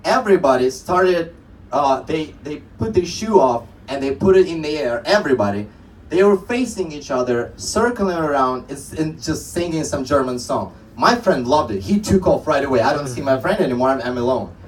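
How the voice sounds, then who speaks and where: A man's voice: fairly high pitch, expressive, moderate pace, few pauses, distant mic, poor audio. A young man doing a stand-up comedy set on a club stage, telling rambling stories with many restarts.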